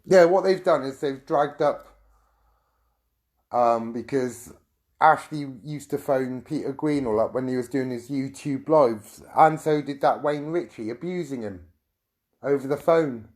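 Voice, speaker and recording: A man's voice: mid-range voice, a little mellow. A middle-aged man from the UK, ranting angrily to his viewers and rambling and swearing as he tells his story. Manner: agitated, rambling, swearing, quick asides to viewers. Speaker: YouTube streamer. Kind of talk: angry monologue to viewers.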